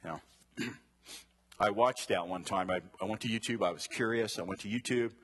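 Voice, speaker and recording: A man with a lowish, husky voice leads a conversational Bible lesson. He talks casually with his group, tosses them questions, and wanders off into personal asides before pulling back to the text. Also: normal speed, fairly bright tone. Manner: chatty, asks the class questions, wanders into side stories. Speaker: Bible study teacher.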